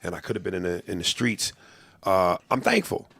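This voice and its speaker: A man hosting a comedy podcast, talking in a profane, animated way and breaking into impressions. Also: sits low, a little fast, gravelly, husky, dry recording. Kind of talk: casual comedy podcast chat.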